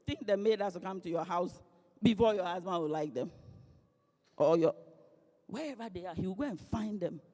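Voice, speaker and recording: Woman, lively motivational speaker, heard with long hall reverb. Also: on the low side, normal speed, pauses often. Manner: lively, playful, acts out quoted voices. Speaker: guest speaker. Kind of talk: motivational speech.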